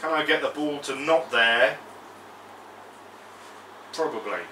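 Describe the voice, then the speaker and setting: A man's voice: on the high side, takes it slowly, sharp tone. A man playing a tabletop miniatures game, joking, swearing and bantering casually with his opponent. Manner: joking, swearing, playful singing. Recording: echoey room, far mic, noisy.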